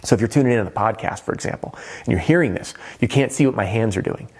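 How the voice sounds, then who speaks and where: Talking fast and expressively to the camera, a middle-aged roofing sales coach shifts his tone and pace to make his points. His voice sits on the low side and is husky, with a darkish tone and plenty of energy.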